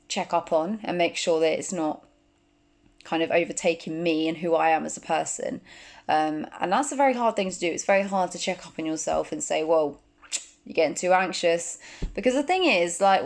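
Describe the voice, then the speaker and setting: A woman in her twenties talking casually to camera as a vlogger, full of fillers and quick asides. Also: fairly low pitch. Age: 20s. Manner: chatty, many fillers like "like". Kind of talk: casual chat.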